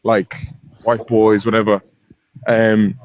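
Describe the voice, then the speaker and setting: A man from Ireland speaking as a guest in a live online debate, casual and measured. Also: on the low side, completely flat delivery, darkish tone, slight background noise, low-quality recording.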